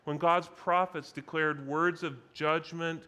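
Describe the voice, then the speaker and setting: A man preaching a sermon at a conference, deliberate and emphatic, repeating key phrases for weight. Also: a little high, fairly even intonation, pushed and bright. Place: conference session.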